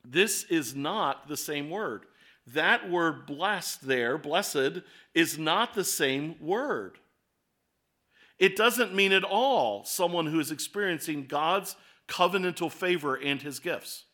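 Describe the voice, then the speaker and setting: A man preaching a sermon as pastor, explaining scripture in a conversational way and reading verses aloud, slowing down and speeding up for emphasis. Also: on the high side, expressive, sharp tone.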